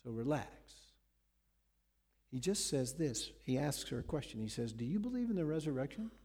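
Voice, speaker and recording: A man preaching a sermon, retelling scenes dramatically with sudden swings between loud and hushed delivery. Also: mid-range voice, lively intonation, moderate pace, long reverb tail. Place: church.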